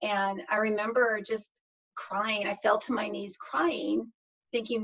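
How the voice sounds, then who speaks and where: A woman's voice: medium pitch, steady tone, unhurried, creaky, a bit bright, slightly rough. A middle-aged woman, a podcast guest, telling a personal story in an earnest, reflective way and often restarting her phrases. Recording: slightly dull lo-fi audio.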